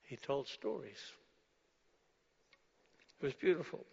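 A man's voice: medium pitch, big pitch swings, slow, vocal fry, darkish tone, husky. A man preaching a sermon, asking rhetorical questions and leading the congregation through a prayer. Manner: rhetorical questions answered with a firm no; leads the congregation in reading prayer aloud. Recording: dull sound with long hall reverb.

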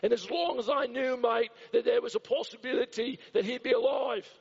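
Man impersonating a salty Australian skipper, high and folksy, dull recording. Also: fairly quick, creaky, darkish tone, breathy edge, full character voice. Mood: earnest. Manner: folksy, peppered with "mate". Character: salty Australian boat captain, gruff middle-aged man. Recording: dull recording with long hall reverb.

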